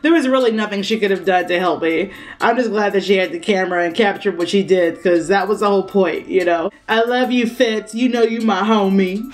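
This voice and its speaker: A young woman chatting casually on her vlog, brash and playful, swearing freely and laughing often. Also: mid-range voice. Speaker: vlogger.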